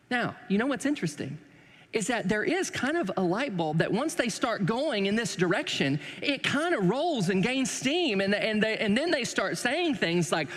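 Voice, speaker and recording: A pastor preaching in a loose, joking way, with high pitch for a man. His voice carries a long reverb from a church sanctuary. He slips in wry asides about himself. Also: sing-song, normal speed, a bit bright. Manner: conversational and joking, with self-deprecating asides. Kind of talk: sermon.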